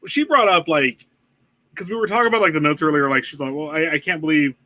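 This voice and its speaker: Guy cohosting a true crime podcast, bright punchy voice, cusses a lot, rambles and restarts. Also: fairly high pitch, fast talker. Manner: rambling, profane, joking, restarts often. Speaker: podcast co-host.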